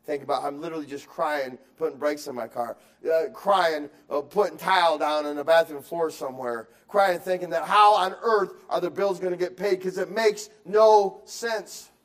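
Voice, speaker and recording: A male pastor preaching a sermon, moving between quiet musing and loud, emphatic exhortation, with repeated words and restarts. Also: a little high, fairly even intonation, moderate pace, hardly any pauses. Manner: acts out excuses in quoted voices.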